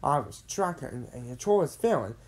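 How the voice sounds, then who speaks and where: A woman's voice: very deep voice, very animated, moderate pace, a little mellow, exaggerated voice. A woman voicing a secretive male movie-star spy in a storybook, speaking confidingly.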